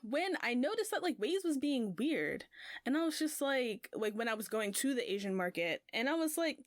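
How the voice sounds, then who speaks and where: A woman's voice: on the high side, fairly quick, no echo. Chatty young woman, dry close sound. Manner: rambling, heavy use of "like", animated when retelling. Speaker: podcast co-host. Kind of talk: casual storytelling chat.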